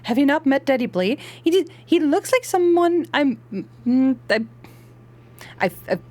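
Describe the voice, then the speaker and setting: Woman streamer, casual and animated, narrating her game play. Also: high-pitched, measured pace. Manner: animated, chatty, swears and laughs often. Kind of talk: live game stream chat.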